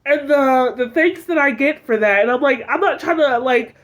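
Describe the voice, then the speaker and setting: A young woman in her twenties tells a deeply personal story in a high voice. She speaks in a heartfelt, searching way, leaning often on "like" and "um". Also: normal speed, fairly bright tone. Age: 20s. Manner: heartfelt, fills speech with "like" and "um". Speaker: vlogger sharing a personal story. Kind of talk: emotional personal testimony.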